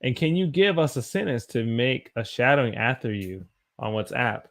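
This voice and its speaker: A young American man, an English teacher, chatting on a live stream, animated and greeting his viewers by name. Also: medium pitch, moderate pace, gravelly. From United States. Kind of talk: casual live-stream chat.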